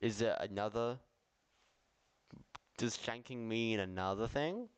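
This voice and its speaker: Australian male streamer, lowish smooth voice, chatty reaction commentary. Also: slow pace. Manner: chatty, laughs easily, puzzled asides.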